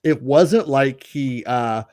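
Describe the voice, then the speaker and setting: A man co-hosting a casual chat podcast, animated and profane, who slips into mocking voices. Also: mid-range voice, slow. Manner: animated, swears, mocks voices. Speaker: podcast co-host.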